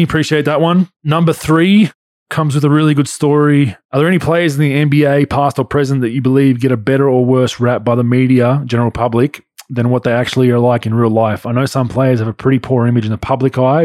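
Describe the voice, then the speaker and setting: An Australian man hosting a podcast, relaxed and blunt as he reads out listener questions and chats. His voice sits at an ordinary pitch for a man. The sound is close and dry with no room around it. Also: no room sound. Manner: laid-back, blunt, swears casually. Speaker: podcast host, former pro basketball player. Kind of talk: casual podcast chat, reading listener questions.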